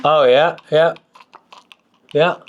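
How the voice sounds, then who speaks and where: A man's voice: a little high, steady tone, drawn-out words, highs cut off. A man hosting a podcast, mostly giving short affirming replies to his guest. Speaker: podcast host. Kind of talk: casual chat.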